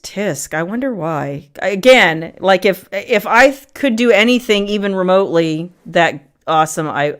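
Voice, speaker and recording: A middle-aged woman of medium pitch chats warmly with viewers on a casual livestream from her family room. Between frequent ums, she greets them by name.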